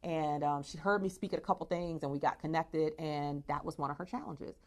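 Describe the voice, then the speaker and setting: A woman hosting a live online talk show, energetic and encouraging, with a preacher-like cadence. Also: low-pitched, fairly quick. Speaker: host.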